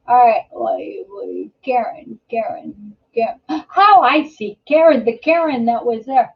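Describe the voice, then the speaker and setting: Chatty rambling woman, high voice. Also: measured pace, vocal fry. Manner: rambling, chatty, many fillers and restarts, greets viewers mid-story. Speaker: host of a live chat show. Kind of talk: casual live-stream chat. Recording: dull lo-fi live-stream audio.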